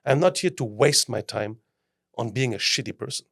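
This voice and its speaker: A man's voice: mid-range voice, expressive, moderate pace, vocal fry, a bit bright. A man from Greece, a guest mentor giving a passionate motivational podcast talk in English, often acting out the voices of people he quotes. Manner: non-native phrasing.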